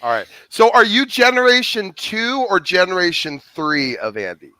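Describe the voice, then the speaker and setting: A man's voice: sits high, very animated, normal speed, pushed and bright, dry recording. A man hosting a live call-in stream, wordy, often restarting his sentences. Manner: wordy, with frequent restarts and fillers. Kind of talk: casual live-stream chat.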